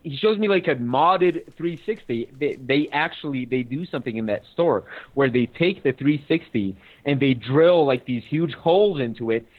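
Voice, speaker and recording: A man in casual chat, telling an animated story and acting out both sides of the conversation. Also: mid-range voice, normal speed, hardly any pauses. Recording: tinny phone-like line.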